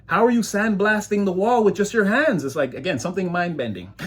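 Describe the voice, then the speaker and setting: A man's voice: high voice, animated, brisk, fairly bright tone. A man giving a casual, rambling tarot reading, talking loosely and slipping into mocking voices when he quotes people. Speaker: tarot reader.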